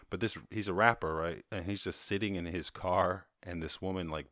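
A man's voice: sits low, moderate pace, hardly any pauses, fairly bright tone, no room sound, studio quality. A man with an Irish accent hosting his show, casually commenting on a video in a loose, profane way with frequent laughs. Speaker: host.

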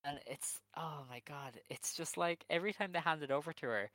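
A man's voice: fairly high pitch, a little fast, bright, forceful tone, no echo. A man co-hosting a casual chat podcast, recapping events bluntly with frequent laughs. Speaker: podcast co-host.

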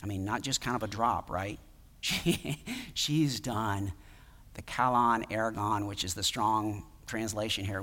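A man's voice: fairly low pitch, unhurried, a bit bright, long reverb tail. A man preaching a sermon in a conversational, emphatic way, with many fillers and restarts. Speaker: pastor.

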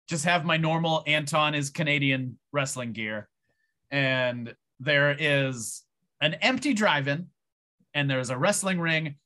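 A man guesting on a podcast, telling a long casual story in a profane, rambling, animated way. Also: fairly high pitch. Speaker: podcast guest, pro wrestler.

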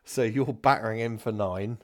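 A man running a tabletop game in a relaxed, chatty way, laughing often. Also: fairly low pitch, normal speed. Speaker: game master.

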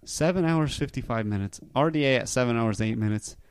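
A man's voice: mid-range voice, fairly quick, clean tone. A man hosting a casual podcast, rambling enthusiastically and swearing freely. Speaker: podcast host. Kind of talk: casual chat.

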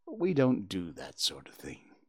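A man voicing a calm, patient mother deer who answers in short, reassuring replies. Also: sits low, a little slow, breathy edge, exaggerated voice.

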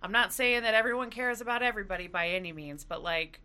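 Bright-voiced emphatic woman co-host. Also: mid-range voice, fast, clean tone. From Idaho, United States. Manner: emphatic, opinionated, rambling restarts. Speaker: podcast co-host. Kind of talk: casual chat.

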